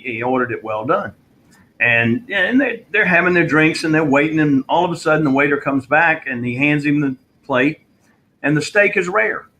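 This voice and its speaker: A man's voice: medium pitch, low-quality recording. Male life coach, mid voice, easygoing storyteller, live online Q&A. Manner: storytelling, relaxed with filler words. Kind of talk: answering a viewer question in a live online session.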